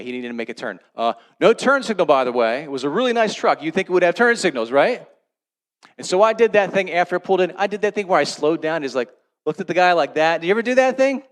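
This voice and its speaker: A middle-aged pastor with a medium-pitched voice delivers his sermon like he's telling a story, shifting from loud, emphatic lines to quiet, hushed ones.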